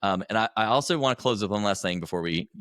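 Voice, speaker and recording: A man's voice: on the low side, fast, a bit bright, no room sound, studio quality. A man speaking as a podcast guest, earnest and rambling, with frequent restarts. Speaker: podcast guest, coach for husbands. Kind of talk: conversational interview.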